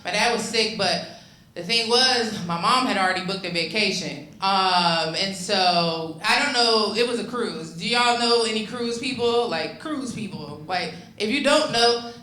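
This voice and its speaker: Bright, profane young woman doing stand-up. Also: mid-range voice, unhurried, roomy sound, rough recording. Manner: loose, profane and conversational, lots of ums and restarts. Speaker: stand-up comedian. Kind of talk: stand-up comedy set. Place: comedy club stage with a live audience.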